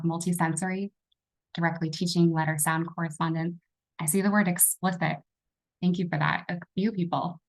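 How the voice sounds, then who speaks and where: A woman runs a teacher training session over a video call. Her voice sits fairly low, and she talks in a relaxed, conversational way, often pausing with fillers and restarting sentences. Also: rough recording. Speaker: workshop facilitator. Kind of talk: online training presentation.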